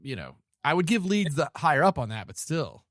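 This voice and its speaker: Animated, high-ranging man chatting football. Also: brisk, dry recording, clean studio sound. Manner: animated, playful, tosses in mock shouts. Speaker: podcast co-host. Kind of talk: casual sports chat.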